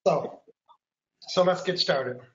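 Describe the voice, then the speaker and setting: A man's voice: on the high side, takes it slowly, creaky, roomy sound, highs cut off, a little hiss or hum. Upbeat chatty male live-stream host. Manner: chatty, upbeat, explains step by step while counting aloud.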